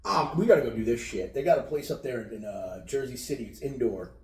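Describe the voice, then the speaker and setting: A man's voice: medium pitch, expressive, quick pace, crowd noise. A man co-hosting a podcast in casual banter, crude and rambling, often restarting sentences. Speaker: podcast co-host. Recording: roomy sound, distant mic.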